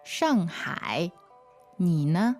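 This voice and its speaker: A woman teaching a language lesson, repeating phrases slowly and patiently. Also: on the low side, very animated, darkish tone, soft background music.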